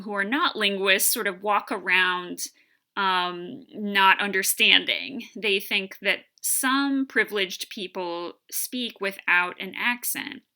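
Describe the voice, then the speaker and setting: Slow, bright-voiced woman lecturer. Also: mid-range voice. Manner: unhurried, explanatory with frequent ums. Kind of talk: recorded college lecture.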